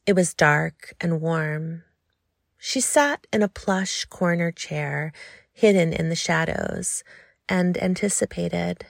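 A woman reading an intimate story aloud in a slow, hushed, lingering way. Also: lowish voice, vocal fry, no echo, studio quality. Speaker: narrator.

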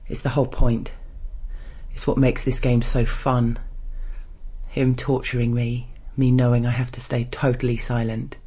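A man reading a first-person erotic story aloud in a soft, hushed, restrained way. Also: mid-range voice, flat delivery, unhurried, breathy edge. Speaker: story narrator.

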